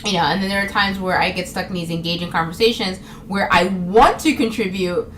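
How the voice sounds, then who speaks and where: A woman's voice: medium pitch, a little fast, few pauses, fairly bright tone, slight background noise. A young woman from New York, a vlogger, talking to camera in a casual comedic monologue, chatty and often laughing. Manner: chatty, laughs a lot, acts out other people's lines.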